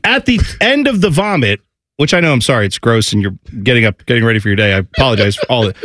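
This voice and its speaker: A man in his thirties, a radio co-host, telling a family story in a casual, animated way and acting out the voices of his kids. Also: medium pitch, quick pace, no room sound, studio quality. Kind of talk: casual morning-show storytelling.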